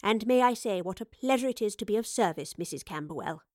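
Eccentric lady professor, courtly and brisk, flourishing her lines, read by a woman narrator. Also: medium pitch, animated, darkish tone, dry recording, studio quality, lightly acted.

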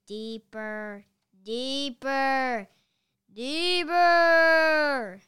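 A woman's voice: high voice, extremely slow, a bit bright, no echo, clean studio sound, pitched above the performer's own voice, heavily acted. Woman reading as a playful schoolboy. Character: playful young schoolboy sidekick.

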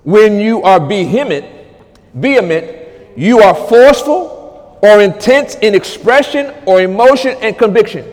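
A man preaching a charismatic sermon as pastor, dropping to low murmurs and rising to high shouted commands. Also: lively intonation, unhurried, long reverb tail.

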